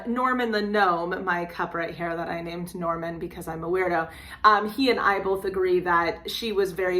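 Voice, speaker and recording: A woman's voice: medium pitch, sharp tone. A young adult woman, an opera singer and voice teacher, explaining vocal technique in a casual, teacherly reaction commentary.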